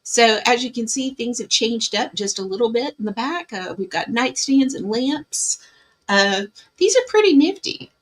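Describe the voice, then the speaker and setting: A woman's voice: on the high side, moderate pace. A woman hosting a casual livestream from her bedroom, chatting with viewers. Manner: chatty, coos baby talk to her cat. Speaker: livestream host.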